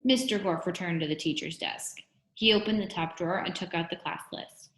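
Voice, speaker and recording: A woman reads a children's storybook aloud, expressive and steady. Her voice sits low for a woman, and it rings with a roomy echo. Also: a little fast. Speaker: reader.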